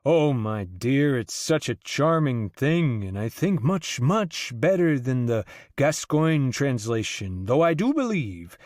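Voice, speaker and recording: A man voicing an effusive, ecstatic, erudite man in an audiobook, gushing in a raised, drawn-out voice. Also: sing-song, a little mellow, no echo, clean studio sound. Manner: gushing, drawn-out, high-pitched.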